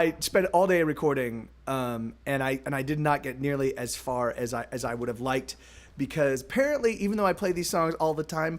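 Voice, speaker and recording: A man streaming live from a home studio, singing his own songs with a guitar, then chatting with viewers in a stammering, laughing way. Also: fairly high pitch.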